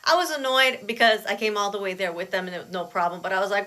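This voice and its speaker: A woman's voice: medium pitch, fairly even intonation, fast, pushed and bright. A woman telling a story in a casual vlog, chatty and aggrieved, full of "I was like.". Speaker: vlogger recounting an airport experience.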